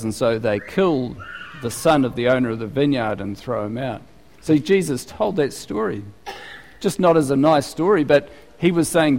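A man's voice: mid-range voice, moderate pace, a little mellow, long reverb tail. A man preaching a sermon in a conversational way, often asking his listeners rhetorical questions.

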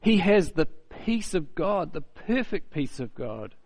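A man's voice: sits high, very animated, unhurried, darkish tone. A man preaching a sermon in a conversational, storytelling way, often asking rhetorical questions and repeating key phrases.

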